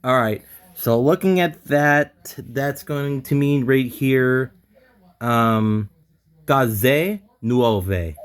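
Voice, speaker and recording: A man's voice: medium pitch, very slow, smooth. Hesitant man working through a lesson. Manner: hesitant, self-correcting, laughs at his own slips. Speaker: language student. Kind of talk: casual online lesson talk.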